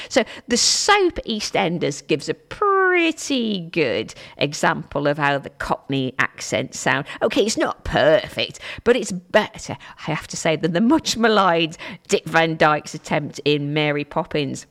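A woman's voice: low-pitched, very animated, a little slow, gravelly, a bit bright. A woman from Stoke-on-Trent presenting a radio show, chatting casually and mocking herself as she tells stories. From Stoke-on-Trent, England. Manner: chatty, self-mocking, storytelling.

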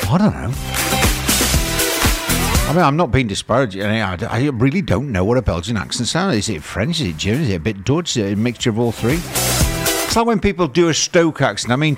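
A man's voice: medium pitch, very animated, a little fast. An older man presenting on radio, rambling conversationally and throwing rhetorical questions at listeners. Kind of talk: chatty radio talk. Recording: music playing underneath.

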